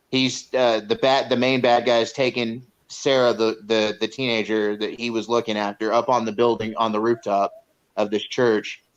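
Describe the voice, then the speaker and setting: A man's voice: mid-range voice, clean tone. A man co-hosting a casual movie review, retelling scenes in a rambling way with many fillers and restarts. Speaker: podcast co-host reviewing a movie. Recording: dull lo-fi sound.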